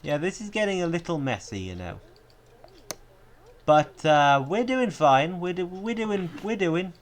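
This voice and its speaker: A young man narrates his gameplay at an unhurried pace, teasing and mock-threatening the characters on screen. He swears freely and keeps a joking tone, with a faint hiss of noise under his voice. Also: high-pitched, big pitch swings. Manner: playful, mock-menacing, swears a lot. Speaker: gaming YouTuber. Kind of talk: gameplay commentary.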